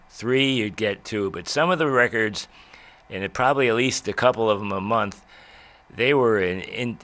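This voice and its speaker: An older man, a radio veteran, telling old stories in a rambling way with many pauses and restarts. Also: lowish voice, bright, forceful tone. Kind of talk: reminiscing talk.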